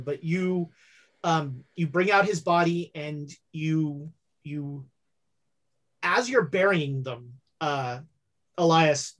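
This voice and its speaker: A game master narrating a tabletop horror game, halting and full of fillers. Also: mid-range voice.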